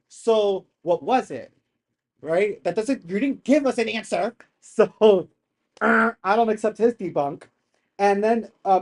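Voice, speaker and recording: A live streamer in casual commentary, animated and exasperated, rambling with slang and frequent swearing. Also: medium pitch. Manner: rambling, restarts sentences. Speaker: streamer reacting to a hearing.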